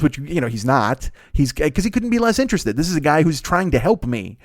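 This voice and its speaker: A man's voice: fairly high pitch, sing-song, a little fast, dry recording, studio quality. Rambling, profane American man hosting a podcast. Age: 40s. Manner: rambling, profane, self-correcting. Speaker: comedy podcast host. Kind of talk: casual rambling monologue.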